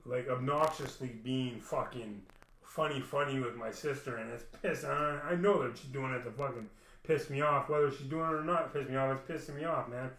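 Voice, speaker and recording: A man's voice: mid-range voice, fairly quick, fairly bright tone. Guy ranting to his cam at home, cussing nonstop, rambly, kinda echoey room. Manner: rambling, heavy swearing, restarts often. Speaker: vlogger. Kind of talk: emotional personal monologue.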